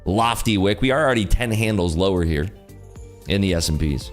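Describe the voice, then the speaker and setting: A man's voice: deep voice, expressive, brisk, soft background music. A tired man hosting a day-trading livestream, joking and reading chat aloud in casual talk.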